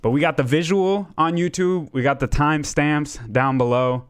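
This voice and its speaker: A man's voice: a little high, fairly even intonation, moderate pace, clean tone. A man hosting a casual podcast, rambling along and swearing freely. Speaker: podcast host.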